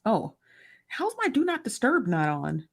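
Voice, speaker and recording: A woman hosting a relaxed livestream, talking casually into her phone. Her voice sits in a middle pitch but swings widely and expressively. She greets each viewer by name in a warm, gossipy way. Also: a little slow, creaky, husky. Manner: greets chat viewers by name, animated and chatty. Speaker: livestream host.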